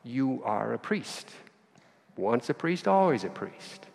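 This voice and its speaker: Gravelly male preacher, animated storyteller, long church reverb. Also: medium pitch, slow pace. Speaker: priest. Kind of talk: sermon storytelling.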